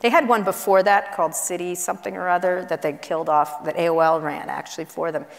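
Woman, gravelly, fairly low voice, blunt rambling storyteller, auditorium echo. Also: steady tone. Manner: brisk, blunt anecdotes with many asides. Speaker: guest journalist. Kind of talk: onstage conversation, storytelling. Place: university auditorium before an audience. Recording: echoey auditorium hall.

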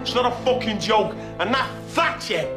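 An actor playing a volatile, menacing skinhead ringleader in a film, ranting aggressively with heavy swearing, with music underneath. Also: male voice, high voice, lively intonation, moderate pace. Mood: furious ranting. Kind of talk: film drama acting.

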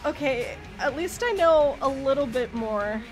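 This gaming streamer, a woman, speaks in a high, expressive voice at a slightly slow pace. Game music runs underneath her casual let's-play commentary, which is theatrical and self-deprecating, with a yelp or two when panic hits.

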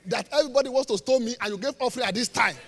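A man preaching a live sermon in church, joking with the congregation and pausing for it to finish Bible verses. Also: very high voice. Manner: call-and-response, leaves gaps for the congregation to finish verses; jokes and laughs with the congregation. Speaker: pastor. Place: church auditorium. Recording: live church hall reverb.

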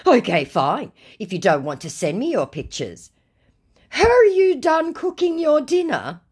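A woman's voice: big pitch swings, a little mellow, husky, exaggerated voice. A woman putting on a pushy male scammer. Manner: slow, high, exaggerated questioning. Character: pushy male romance scammer, dim and repetitive.

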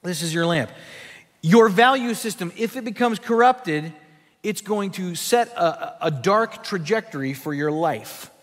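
A man's voice: sits high, lively intonation, a little slow, long reverb tail. A male pastor preaching a sermon in a church sanctuary, teaching from scripture with emphatic delivery.

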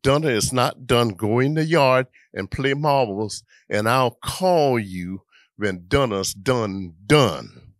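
A man's voice: medium pitch, expressive, takes it slowly, no echo, studio quality. An older man voicing a patient mother telling her boys dinner isn't ready.

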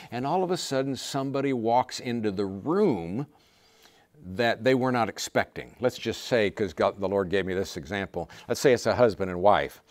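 A man's voice: lowish voice, no echo. A man preaching a sermon as a pastor, emphatic, piling up repeated lists and growing more intense.

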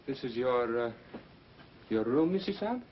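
An older man speaking gently and kindly in a 1930s film. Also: mid-range voice, very animated, a little slow. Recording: dull old film soundtrack with clear hiss.

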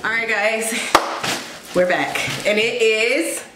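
A woman's voice: on the high side, takes it slowly, reverberant, very noisy. A young woman from Los Angeles with an LA accent, chatting casually to camera in a vlog and calling her viewers y'all. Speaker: vlogger.

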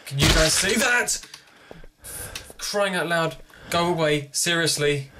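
A man's voice: a little high, slow, long pauses, noisy background. A young man commenting on a horror game as he plays, jumpy and joking to himself. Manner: jumpy, jokey, talking to himself. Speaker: gaming video host.

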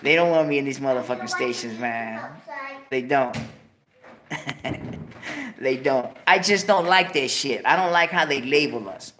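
A man's voice: mid-range voice, unhurried, pauses often, sharp tone, a little hiss or hum. A man hosting his own show, ranting heatedly, swearing constantly and repeating himself. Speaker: host. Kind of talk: profane monologue rant.

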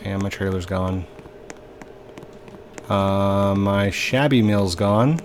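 A man's voice: sits low, slow pace, noisy background. A man casually commenting on his own gameplay as host, chatty and sighing at glitches. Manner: chatty, sighing, mildly exasperated. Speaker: gaming video host. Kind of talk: casual let's-play commentary.

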